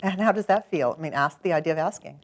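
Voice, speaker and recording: Calm encouraging woman coach. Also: low-pitched, fast talker. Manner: calm, encouraging, gently directive. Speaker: tapping coach. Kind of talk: guided coaching session.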